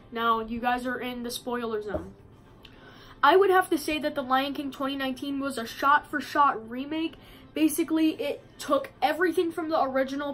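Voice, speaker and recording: A woman whose voice sits high is heard on a low-quality recording, chatting informally for her movie review vlog. She wanders through her thoughts with many fillers and restarts, filming at a friend's house instead of her usual spot.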